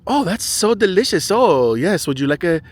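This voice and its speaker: A man's voice: sits high, very animated, normal speed, voice pushed up. A man mimicking a chirpy young female barista who speaks English with a put-on South American Spanish accent, in a sing-song, overly cheerful way. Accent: South American Spanish-tinged English.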